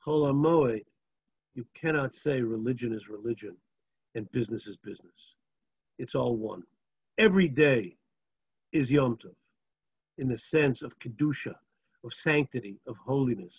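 A man's voice: mid-range voice, expressive, moderate pace, long pauses, a little mellow, slightly rough, lo-fi sound. A man teaching a Torah class, sprinkling Hebrew terms into English and asking rhetorical "right?" checks while telling stories. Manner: rhetorical, asks "right?" and "okay?". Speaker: religious teacher. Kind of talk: Torah class lecture with storytelling.

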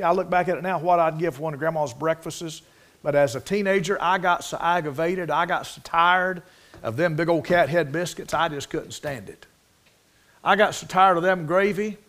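A middle-aged man preaching a sermon in a folksy, storytelling way, with plain rural speech. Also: a little high.

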